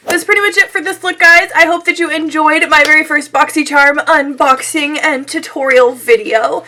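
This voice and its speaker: A woman's voice: high-pitched, steady tone, moderate pace, hardly any pauses. A young woman beauty vlogger with a scratchy, sick-sounding voice, chatting casually and self-deprecatingly through a makeup tutorial.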